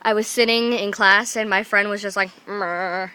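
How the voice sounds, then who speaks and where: Brief: young woman vlogger, chatty and rambling, puts on quick voices for family. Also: medium pitch, flat delivery, sharp tone, clear, resonant tone. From Alaska. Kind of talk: casual storytelling to camera.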